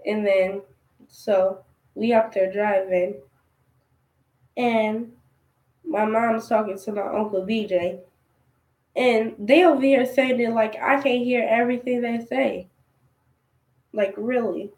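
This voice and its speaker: Slow-talking young woman, echoey room. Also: on the high side, steady tone, darkish tone. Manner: aggrieved, conversational retelling with quoted dialogue. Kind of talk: storytime vlog.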